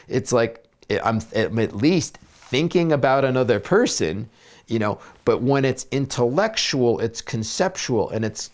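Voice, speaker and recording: Gentle and searching, a mid-range-voiced man muses in a video blog in his role as a therapist and spiritual coach, frequently restarting and using fillers.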